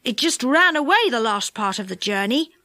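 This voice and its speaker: A woman's voice: on the high side, very animated, normal speed, sharp tone, no echo, studio quality. A woman voicing a sensible storybook boy who speaks plainly and matter-of-factly.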